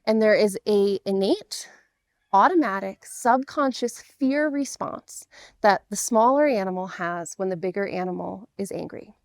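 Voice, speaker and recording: A woman's voice: medium pitch, expressive, unhurried, no echo, studio quality. A middle-aged woman coaching men through divorce, explaining patiently and earnestly in a direct-to-camera talk.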